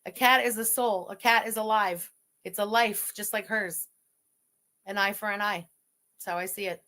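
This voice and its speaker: A woman livestreamer on an angry, profane rant, shouting insults at her audience. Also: mid-range voice, steady tone, moderate pace.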